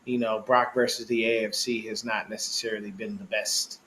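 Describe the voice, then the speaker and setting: Animated man on a fan podcast. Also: on the low side, a little fast, a little hiss or hum. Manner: animated, laughing, slangy fan talk. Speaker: podcast co-host. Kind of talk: casual sports podcast chat.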